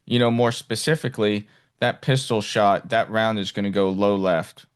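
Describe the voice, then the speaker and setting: A man hosting a podcast in casual conversation, talking haltingly with frequent restarts and fillers. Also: fairly low pitch, fairly even intonation, smooth. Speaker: podcast host. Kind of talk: casual interview chat.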